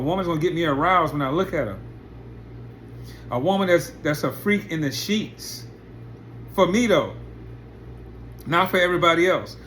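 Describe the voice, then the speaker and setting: Sounding a little high and fairly bright for a man, this commentary host delivers a crude, blunt monologue packed with rhetorical questions. Faint hiss can be heard under the audio.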